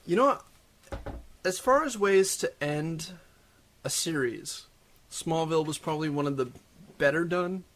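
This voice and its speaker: Young male co-host, slightly high-pitched, casual and jokey, laughs easily. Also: lively intonation, measured pace, pauses often, a bit bright. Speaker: podcast co-host. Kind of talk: casual chat.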